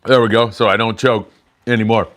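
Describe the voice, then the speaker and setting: A man's voice: fairly low pitch, steady tone, fairly quick, fairly bright tone. A man hosting a live sportfishing update from a landing, chatty and upbeat, with plenty of fillers as he rambles along. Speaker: fishing show host. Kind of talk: live fishing report.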